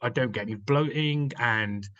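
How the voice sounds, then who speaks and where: A man's voice: mid-range voice, moderate pace, a bit bright, muffled recording. A man from the United Kingdom, a company founder who is a guest, telling his story in casual conversation, rambling with many fillers and restarts.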